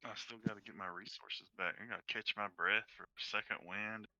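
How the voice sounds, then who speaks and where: Male player, very low and smooth, dry close sound through a dull mic. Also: steady tone, fairly quick, pushed and bright, no room sound. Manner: wry, earnest in-character speeches. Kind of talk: casual tabletop play, in-character speeches.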